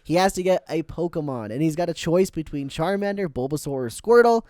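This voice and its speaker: A man hosting a podcast, recapping cartoon episodes in casual, animated chat and laughing often. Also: a little high, a little fast, no echo, clean studio sound. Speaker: podcast host.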